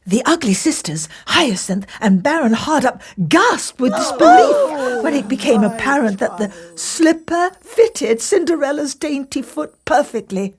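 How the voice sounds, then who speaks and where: A woman's voice: high voice, sing-song, measured pace, hardly any pauses. A woman reading a fairy tale aloud in a playful, theatrical way. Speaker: storybook narrator. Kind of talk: expressive storybook reading.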